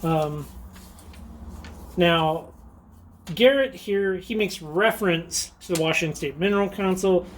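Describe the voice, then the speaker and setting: Taking things slowly with long pauses, this high-pitched rockhounding channel host presents a casual show-and-tell vlog. He speaks in a chatty, enthusiastic way, often saying um and laughing softly, and slight background noise can be heard.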